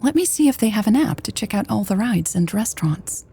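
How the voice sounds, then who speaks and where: A woman voicing a shy, excitable young woman who talks softly and breathily, lifting with wonder. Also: mid-range voice, brisk, husky, dry recording, pitched above the performer's own voice, heavily acted. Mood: eager.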